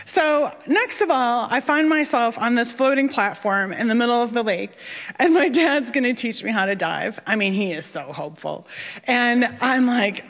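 A young woman telling a personal story on stage, animated and laughing, acting out the voices of others. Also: fairly high pitch, normal speed. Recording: long hall reverb.

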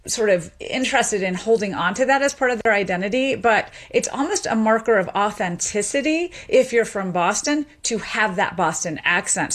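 Articulate woman explaining at a brisk clip. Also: medium pitch, fairly bright tone. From United States. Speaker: guest expert on accents. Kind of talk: explanatory interview talk.

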